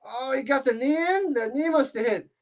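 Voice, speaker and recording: An excitable man calls a football game play by play for a watch-party stream. He is loose and joking, drifting into asides between snaps and shouting when a big play lands. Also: very high-pitched, normal speed. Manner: jokey and excitable, rambles between plays. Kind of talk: casual play-by-play commentary.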